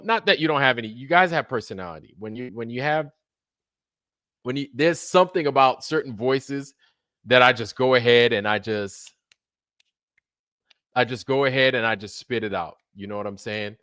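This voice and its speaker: A man's voice: mid-range voice, normal speed, a bit bright, dry recording, clean studio sound. A man hosting a casual livestream, chatting loosely with viewers, swearing often and now and then slipping into mocking impressions. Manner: profane, laid-back, drifts into mocking impressions. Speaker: livestream host.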